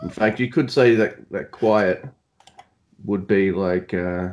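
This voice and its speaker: A man's voice: on the low side, slow pace, darkish tone, a little hiss or hum. A man with an Australian accent, chatting casually and rambling with jokes as a podcast co-host. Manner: rambling, joking, self-deprecating. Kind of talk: casual chat.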